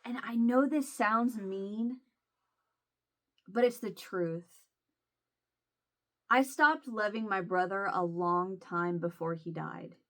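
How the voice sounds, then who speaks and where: Emotional woman vlogger, halting speech. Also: mid-range voice, fairly bright tone. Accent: Southern Illinois. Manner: halting, emotional, many restarts. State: near tears. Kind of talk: casual chat to camera.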